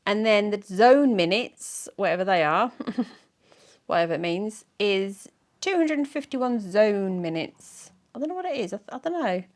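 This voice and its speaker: A woman's voice: medium pitch, expressive, normal speed. A woman in her forties chatting casually in a vlog, reading out her week's diary in a rambling, self-mocking way. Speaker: weight-loss vlogger.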